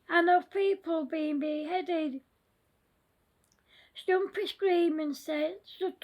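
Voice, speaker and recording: A woman reading her own story aloud as storyteller, plain and unhurried. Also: extremely high pitch.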